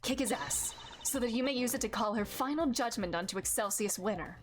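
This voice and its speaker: A woman's voice: a little high, lively intonation, fairly quick, faint music behind, lightly acted. Woman reading as an earnest young female judge.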